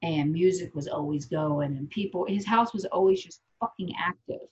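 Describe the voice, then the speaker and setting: A woman's voice: fairly low pitch, moderate pace, slightly rough. A woman guest in candid casual chat, telling blunt, profane stories. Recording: slightly dull lo-fi audio.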